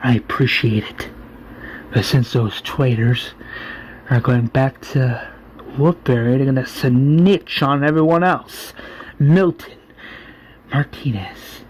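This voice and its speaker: A man's voice: medium pitch, slow pace, long pauses, darkish tone, slight background noise, natural voice, low-quality recording. A man voicing a ruthless, vengeful leader who lays out his plans in a firm, determined way. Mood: scheming.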